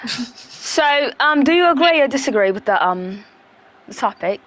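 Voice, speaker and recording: A woman's voice: high-pitched, animated, a little slow, a bit bright, a little hiss or hum. Blunt, rambling woman streamer. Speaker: livestreamer. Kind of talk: casual livestream chat.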